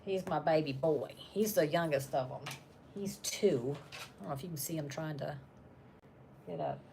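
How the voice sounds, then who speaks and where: A woman's voice: low-pitched, a little slow, creaky, long pauses, warm tone, slight background noise. A woman chatting on a live stream from home, reading comments and laughing often while she talks about her dogs. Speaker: channel host reading live chat. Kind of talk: casual live-stream chat.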